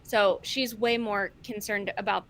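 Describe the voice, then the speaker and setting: A woman playing a tabletop game, quick and playful as she explains her character's moves. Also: mid-range voice, steady tone, fairly bright tone. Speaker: player. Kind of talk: casual tabletop play.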